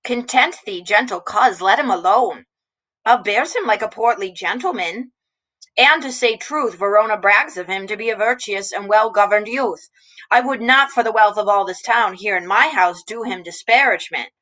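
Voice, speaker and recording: A woman's voice: medium pitch, moderate pace, a bit bright, natural voice, rough recording. A woman reading the lines of an older male head of household, firm and commanding, in a raised voice.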